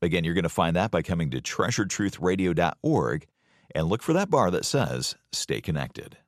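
A man reading a scripted radio announcement in a smooth, promotional manner. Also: low voice, very animated, moderate pace, no room sound, clean studio sound. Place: radio studio.

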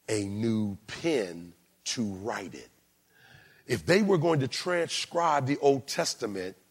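Raspy, gravelly-voiced preacher man in a reverberant hall. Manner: preaching with big swings between shouts and low, quiet asides. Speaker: pastor. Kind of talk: sermon.

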